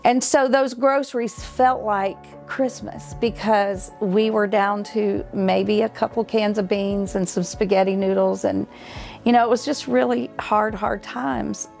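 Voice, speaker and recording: A woman's voice: medium pitch, darkish tone. A middle-aged woman giving an earnest, heartfelt personal testimony about a hard time in her life. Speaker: client telling her story. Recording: faint music underneath.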